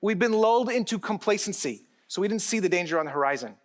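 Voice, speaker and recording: Animated middle-aged man giving a conference speech. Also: high-pitched, fast talker. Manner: animated, direct, joking with the audience. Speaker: conference keynote speaker.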